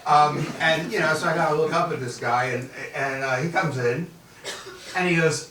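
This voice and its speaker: A man's voice: on the high side, normal speed, reverberant, recorded from a distance, slight background noise, rough recording. A man from Newark, New Jersey, giving a motivational leadership keynote as guest speaker, telling stories and acting out dialogue. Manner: animated storyteller acting out dialogue.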